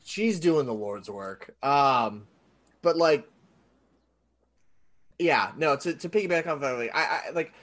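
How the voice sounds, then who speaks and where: A man's voice: fairly high pitch, lively intonation, takes it slowly, pauses often, fairly bright tone, no echo. A man hosting a podcast, talking in a rambling, sarcastic way with lots of restarts and fillers. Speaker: podcast host. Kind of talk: casual podcast banter. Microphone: studio microphone.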